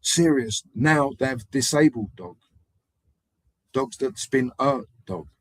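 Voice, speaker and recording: A man hosting a live stream, telling rambling, animated anecdotes in casual street slang. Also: medium pitch, slow, no room sound. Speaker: livestream host. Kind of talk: casual livestream storytelling.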